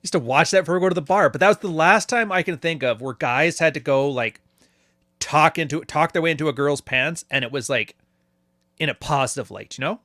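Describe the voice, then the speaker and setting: A man's voice: fairly high pitch, fairly quick, a bit bright, no echo, studio quality. A man hosting a casual interview, joking and teasing his guest. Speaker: podcast host.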